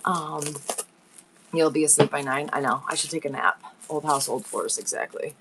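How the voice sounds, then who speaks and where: A woman's voice: sits low, fairly even intonation, normal speed, a bit bright, a little hiss or hum. A young woman chatting casually and rambling on a livestream from her home. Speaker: live seller.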